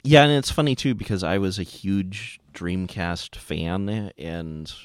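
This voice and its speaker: A man co-hosting a casual radio chat about video games, relaxed and laughing easily. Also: deep voice, measured pace, clear, resonant tone, no echo, studio quality. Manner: relaxed, chuckles often, trails off mid-sentence. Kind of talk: casual gaming podcast chat.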